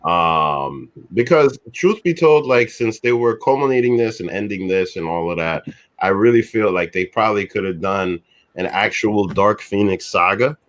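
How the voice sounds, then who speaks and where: A man on a movie review panel, giving his opinion in relaxed, hesitant podcast chat. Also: fairly low pitch, moderate pace.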